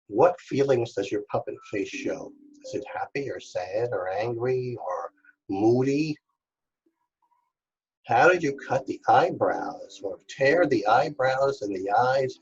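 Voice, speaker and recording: A man from Staten Island leads a children's craft lesson in a steady, mid-pitched voice. He goes slowly and speaks right to his young viewers. The recording is a little dull, with soft music in the background. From Staten Island, New York. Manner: patient, step-by-step, talks directly to kids. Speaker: art teacher.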